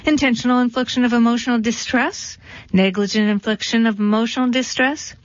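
A woman voicing a scheming male fox lawyer in a storybook reading, smooth and salesman-like. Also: fairly high pitch, fairly even intonation, fairly quick, dry recording, close to an everyday voice. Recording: dull dry lo-fi recording.

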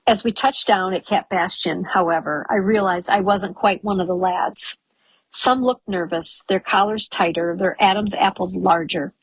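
Husky woman reading a memoir. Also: mid-range voice, steady tone, no room sound. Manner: measured, wry storytelling. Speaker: audiobook narrator. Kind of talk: scripted first-person memoir narration. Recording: dull lo-fi studio recording, dry.

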